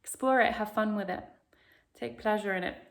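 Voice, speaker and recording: This woman's voice is medium-pitched and gravelly. As a voice coach she leads a guided vocal exercise lesson, offering soothing instructions at a slow pace and singing vowels to demonstrate.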